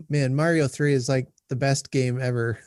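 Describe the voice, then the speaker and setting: A middle-aged man hosting a podcast in a relaxed, chatty way, laughing easily and agreeing often. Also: mid-range voice, measured pace, dry recording. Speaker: podcast host. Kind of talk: casual interview chat.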